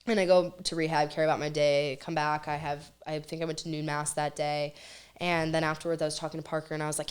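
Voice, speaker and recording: A young woman chatting casually on a podcast, telling a long story with lots of acted-out quotes. Her voice sits a little low, and she talks with bursts of quick, animated energy. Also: clear, resonant tone. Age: young adult. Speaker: guest.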